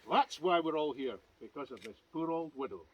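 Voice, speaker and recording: A Scottish man telling a local legend outdoors in a lively, conversational way with asides to his listeners. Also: fairly high pitch, brisk, muffled recording, heavy background noise. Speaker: clan society vice president. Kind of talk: outdoor folk storytelling. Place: outdoors by a standing stone.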